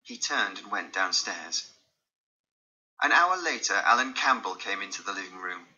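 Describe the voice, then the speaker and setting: A man reads a graded-reader story with animated pitch. His voice is bright and forward, and the recording is muffled and lo-fi. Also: moderate pace. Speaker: audiobook narrator. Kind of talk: scripted narration of a graded reader.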